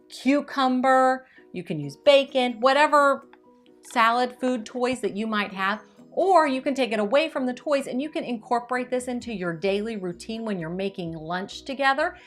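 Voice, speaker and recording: Woman, clear upbeat teacher voice, slows to sound out words, soft music underneath. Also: on the high side. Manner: clear, upbeat teacherly delivery with slow demonstrative stretching of words. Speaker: teacher giving tips to parents. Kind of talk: instructional video.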